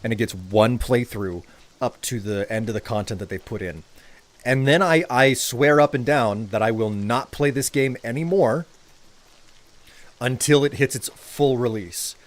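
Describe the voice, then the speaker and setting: A man's voice: mid-range voice, measured pace. Man musing while streaming a game. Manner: rambling, reflective chat. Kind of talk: casual gameplay commentary.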